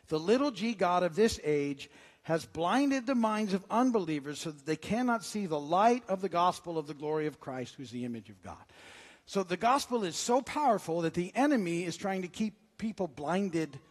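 A pastor with a fairly high, animated voice preaches a sermon at normal speed in a church sanctuary. He keeps it conversational, cracking jokes between scripture readings, and the long reverb of the church hall surrounds him.

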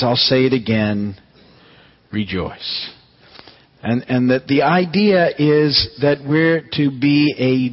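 A man preaching a conversational sermon as pastor, teaching in a relaxed, chatty way with light humor. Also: mid-range voice, dull audio.

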